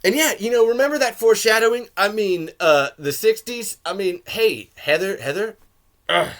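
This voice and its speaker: A man hosting a podcast, giving a rambling, casual film commentary with swearing and sudden shouted jokes. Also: sits high, moderate pace. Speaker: podcast host reviewing a film.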